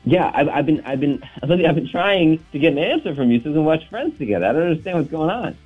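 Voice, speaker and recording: Man, phone call, stammering, flustered, husky voice, tinny line. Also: on the high side, expressive, quick pace, soft background music. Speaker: caller.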